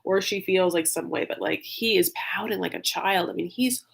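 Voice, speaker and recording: A young man recapping a reality show in a campy, sassy, animated storytelling style, calling viewers "honey". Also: high-pitched, normal speed, gravelly, breathy edge. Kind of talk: casual comedic recap.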